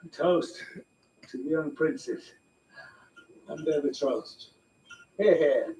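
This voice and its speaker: An actor playing an elderly nobleman who gives formal toasts in a measured way. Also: on the high side, dark tone. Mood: ceremonial. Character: elderly nobleman lord, stately and proud. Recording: faint, distant show audio with noise.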